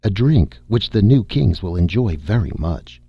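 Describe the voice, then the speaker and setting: A crafty rebel who coaxes a crowd with smooth, confident talk, as a man reads him in a low, husky voice. The recording is dry and slightly dull. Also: lively intonation, moderate pace, dry recording, full character voice. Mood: sly. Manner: smooth-talking, persuasive. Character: crafty male human rebel leader, sly and confident.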